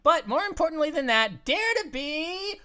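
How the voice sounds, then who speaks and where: A woman voicing a bubbly young female grape who hosts animated let's-play commentary, giggling, making puns and yelping at danger, over faint music. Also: high-pitched, moderate pace. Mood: excitable. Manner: giggly, punny, yelps at danger. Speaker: host of gaming videos.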